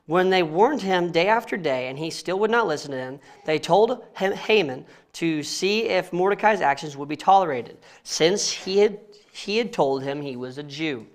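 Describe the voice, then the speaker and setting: A man's voice: fairly high pitch, lively intonation, normal speed. A young man reading scripture aloud and teaching it casually in a church, often stumbling over names and laughing at himself. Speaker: Bible study teacher.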